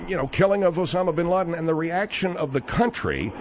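A man's voice: fairly high pitch, fast talker, a little hiss or hum. A man hosting a talk radio show. He argues in a combative, sarcastic way.

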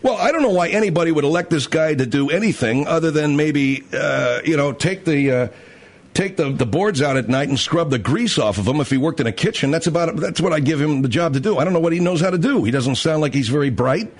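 A man's voice: a little high, expressive, fairly quick. A man hosting a talk show, ranting bluntly and profanely in a casual, opinionated way. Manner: blunt and profane, acts out others' voices. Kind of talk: opinionated talk radio rant.

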